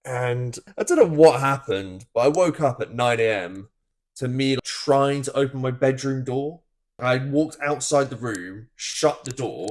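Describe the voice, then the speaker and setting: A young man chatting casually on a podcast, easygoing and laughing at himself. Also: medium pitch. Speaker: podcast guest, host's partner. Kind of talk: casual chat.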